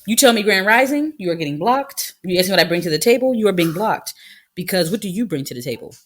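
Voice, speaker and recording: A woman's voice: medium pitch, lively intonation, fast, fairly bright tone. A woman in her thirties co-hosting a podcast, telling a story in a sassy, emphatic way and laughing often. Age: 30s. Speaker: podcast co-host. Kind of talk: casual chat.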